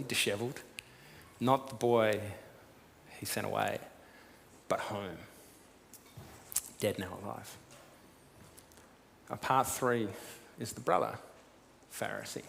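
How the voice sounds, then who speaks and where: A man's voice: medium pitch, vocal fry. Man preaching casually in a reverberant hall. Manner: casual storytelling with dramatic swings from loud to hushed. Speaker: pastor. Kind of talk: sermon. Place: church auditorium.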